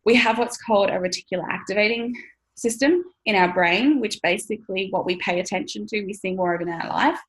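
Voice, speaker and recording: Speaking a little quickly at medium pitch, a woman in her thirties coaches on money mindset straight to camera. She's chatty, laughs a lot and swears occasionally, though the recording is low quality.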